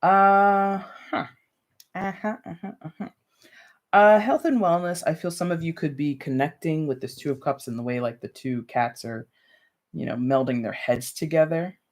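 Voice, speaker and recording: A tarot reader hosting a relaxed live stream, chatting to viewers as if they were friends. The talk is loose and rambling, full of "like" and "you know", with small laughs mixed in between card readings. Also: mid-range voice, moderate pace. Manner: talks straight to viewers with light laughs.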